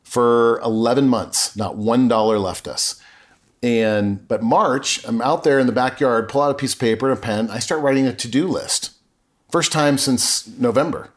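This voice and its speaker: A man's voice: mid-range voice, moderate pace. Earnest middle-aged man telling his story. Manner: earnest and openly emotional, with frequent restarts. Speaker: podcast guest. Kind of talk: conversational personal storytelling.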